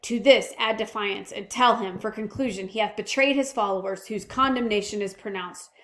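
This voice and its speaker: A woman's voice: mid-range voice, moderate pace, fairly bright tone, lightly acted. A woman reading aloud as a haughty royal herald, declaiming a formal message of defiance.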